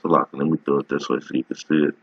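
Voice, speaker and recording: A man's voice: a bass voice, little pitch movement, rapid-fire, highs cut off. A man giving casual, emphatic religious commentary over a video, rambling and often asking "all right?". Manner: rambling with many restarts while browsing.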